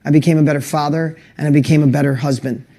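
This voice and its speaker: Middle-aged guy, pretty high voice, motivational webinar host, gets emotional and fired up. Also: steady tone, quick pace. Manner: emotional, earnest, pushes up loud on rallying lists. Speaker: online course host.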